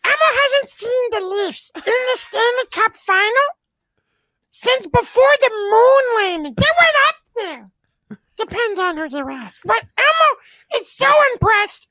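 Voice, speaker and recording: A man's voice: very high voice, sing-song, a little slow, sharp tone, no echo, pitched above the performer's own voice, heavily acted. A man voicing a small furry red monster child who talks about himself in the third person, as a comic impression. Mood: giddy.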